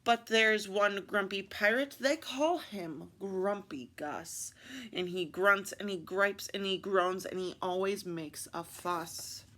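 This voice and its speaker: Slow, expressive woman reading stories aloud. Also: medium pitch. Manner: expressive, with asides to listeners. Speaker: story time reader. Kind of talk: reading picture books aloud.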